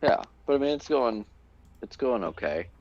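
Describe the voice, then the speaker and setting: A man narrating as game master for a tabletop game, halting and full of fillers and restarts. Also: medium pitch, expressive, a little mellow, no room sound, muffled recording.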